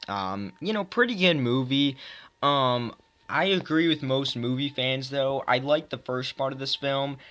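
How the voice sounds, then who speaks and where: A man's voice: mid-range voice, a bit bright. A young man casually reviewing films, rambling with many fillers and self-mocking asides. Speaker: movie reviewer.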